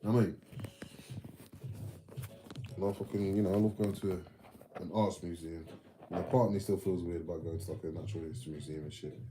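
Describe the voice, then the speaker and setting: A man's voice: sits low, steady tone, brisk, long pauses, background noise. An English man ranting casually on a livestream, swearing a lot and ending his sentences with "man" and "mate". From England. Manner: sweary, rambling, tags lines with "man" and "mate". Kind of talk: rambling casual rant. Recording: music playing loudly behind the voice.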